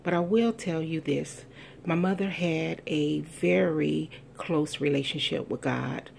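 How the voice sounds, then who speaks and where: Low gravelly woman telling a family story. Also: unhurried, darkish tone, a little hiss or hum. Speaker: speaker sharing a personal testimony. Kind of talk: heartfelt spoken testimony.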